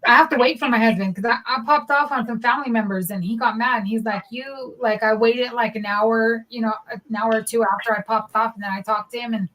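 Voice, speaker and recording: A woman's voice: fairly high pitch, fairly even intonation, fast, few pauses, a bit bright, slight background noise, poor audio. A woman hosting a casual podcast chat, blunt and swearing freely as she acts out quoted dialogue. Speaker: podcast host.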